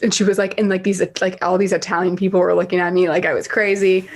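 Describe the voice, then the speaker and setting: A woman guest on a podcast, telling a story in casual chat, animated and full of fillers. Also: fairly low pitch, fast. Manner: chatty, animated, many "like" fillers.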